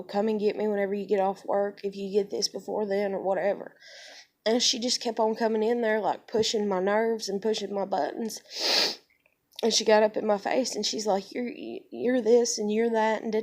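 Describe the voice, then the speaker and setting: A woman's voice: medium pitch, darkish tone. A young woman, telling a heated personal story on her vlog, swearing freely and quoting others as she goes. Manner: heated, profane, quotes others. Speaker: vlogger.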